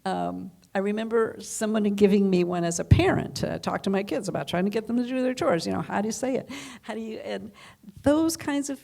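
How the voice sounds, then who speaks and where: A woman's voice: medium pitch, a little fast, creaky, mellow. A woman hosting an interview, chatty and searching for her words as she frames a question. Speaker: interviewer and host. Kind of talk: conversational interview.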